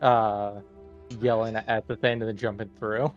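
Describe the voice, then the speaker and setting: A man's voice: lowish voice, flat delivery, unhurried. A man at a tabletop game, thoughtful, checking the rules before acting. The sound is a little dull and faint music runs behind him. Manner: thoughtful, asks rule questions. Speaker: player. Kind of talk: casual tabletop play.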